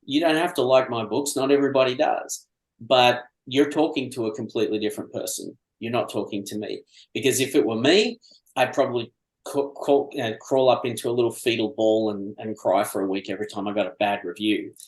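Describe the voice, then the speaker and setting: A man, an author guesting on a podcast, talks candidly about his work in a mid-pitched voice. He is reflective and fills his pauses with ums. The room around him rings with a noticeable echo. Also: steady tone. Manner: reflective and candid, with frequent fillers. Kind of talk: casual podcast chat. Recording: roomy echo.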